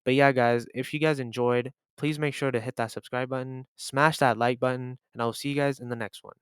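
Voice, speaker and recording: A man's voice: mid-range voice, steady tone, fairly quick, fairly bright tone, smooth, no room sound. A young man telling a story-time vlog over gameplay, casual and exasperated, with some swearing. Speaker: YouTuber.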